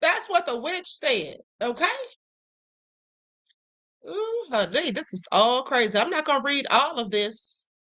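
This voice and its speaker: A woman's voice: high voice, sing-song, measured pace, long pauses, sharp tone, poor audio. A woman hosting a livestream show, talking casually and sassily, calling her viewers honey and y'all. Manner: sassy, chatty, calls viewers honey and y'all.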